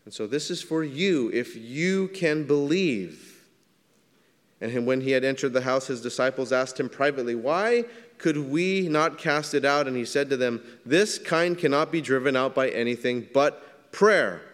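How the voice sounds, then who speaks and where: A man serving as pastor, preaching a sermon in a conversational way that builds to loud, emphatic scripture readings. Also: medium pitch, moderate pace. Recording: long hall reverb.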